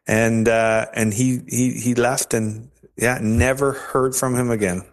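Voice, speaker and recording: A man's voice: mid-range voice, little pitch movement, normal speed, few pauses. A man as an interview guest, earnestly telling his personal story of faith with hesitant restarts.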